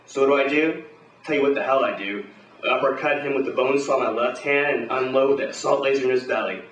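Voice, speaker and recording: A man telling a gory pulp adventure to a bar crowd in a swaggering, profane tough-guy voice, at a middling pitch. He is recorded from a distance in an echoey room with a faint hum behind him. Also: quick pace, fairly bright tone. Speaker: performer at an open reading. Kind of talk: hard-boiled pulp story read aloud live. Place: bar at a live reading.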